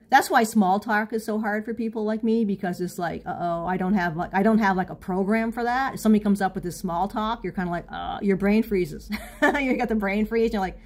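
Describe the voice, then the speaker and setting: A middle-aged woman talks to camera in a casual confessional monologue. She speaks haltingly, full of restarts and fillers, at an ordinary middle pitch. She is candid and self-mocking, with small laughs along the way. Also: darkish tone. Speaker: vlogger.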